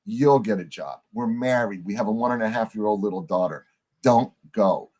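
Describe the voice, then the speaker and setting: Husky, low-voiced man telling a story. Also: normal speed. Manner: animated storyteller, acts out quoted dialogue, swears casually. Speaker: podcast guest. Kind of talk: storytelling in a podcast interview.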